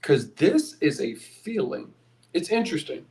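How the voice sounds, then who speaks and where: A man's voice: on the high side, big pitch swings, unhurried, darkish tone. A man from Philadelphia with a Philly accent, hosting a podcast as a conversational, blunt monologue full of rhetorical questions. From Philadelphia, USA. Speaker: podcast host. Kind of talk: motivational monologue.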